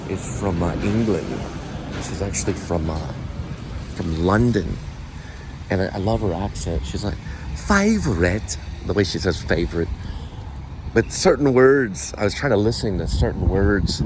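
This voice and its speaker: A man talks in a loose, rambling vlog, his voice sitting fairly low. Loud traffic and street noise run under him. He drifts from one thought to the next in a chatty way. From Texas. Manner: chatty, rambling, imitates accents. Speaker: vlogger and delivery driver. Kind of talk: casual vlog chat. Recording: noisy outdoor phone recording.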